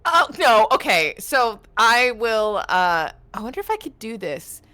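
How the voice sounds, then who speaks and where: Woman player in a tabletop game, bright voice that jumps around a lot, kinda excitable. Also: on the high side, unhurried. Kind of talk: casual tabletop play.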